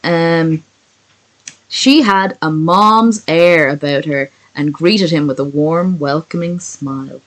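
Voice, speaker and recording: On a poor-quality recording, a woman with a low voice reads a fan story aloud slowly, playing it for laughs. She keeps stopping to toss in crude, joking comments.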